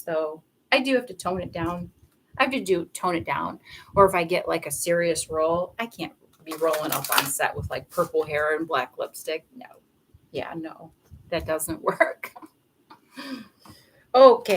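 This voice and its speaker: A woman's voice: on the low side, a bit bright, a little hiss or hum, low-quality recording. Bubbly, sing-song young woman reading tarot. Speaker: tarot reader. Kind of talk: live tarot reading with chatty asides.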